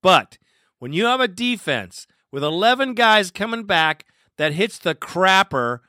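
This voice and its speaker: Guy ranting hard about his team, bright sharp voice, dry close mic, swears a lot. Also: high-pitched, sing-song, unhurried, no echo. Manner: profane, heated ranting. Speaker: sports commentator, fan. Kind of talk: ranting sports commentary.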